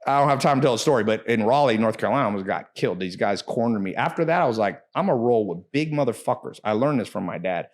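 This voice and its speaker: A man's voice: fairly low pitch, expressive, very fast, few pauses. Brash, profane man telling stories. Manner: brash, profane storytelling with bursts of emphasis. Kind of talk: casual podcast talk.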